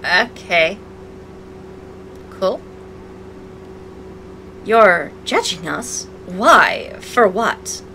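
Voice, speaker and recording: A woman's voice: lowish voice, expressive, drawn-out words, gravelly, pauses often, sharp tone, slight background noise, rough recording. A woman narrating a visual novel aloud as a let's play, breaking in with sarcastic, playful asides. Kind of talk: reading game text aloud with commentary.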